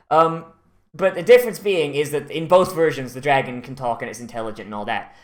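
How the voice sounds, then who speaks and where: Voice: mid-range voice, lively intonation, a little fast, a bit bright. Profane, rambling host. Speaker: anime watch-along host. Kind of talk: casual rambling commentary.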